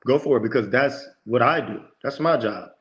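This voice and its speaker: Gars parlant AAVE, voix moyenne, motivant, cite ses propres pensées. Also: male voice, medium pitch, normal speed, a bit bright. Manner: emphatic, preachy, lots of quoted self-talk. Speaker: podcast guest, motivational speaker. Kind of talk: conversational interview talk.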